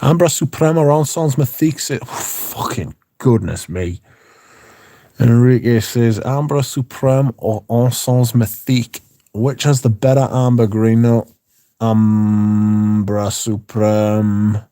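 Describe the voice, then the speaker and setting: Male streamer, rambling and sweary, dry close sound, mid-pitched voice. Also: measured pace, warm tone, no echo. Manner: rambling, profane, wry. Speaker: livestream host. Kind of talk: casual chat, reading viewer comments.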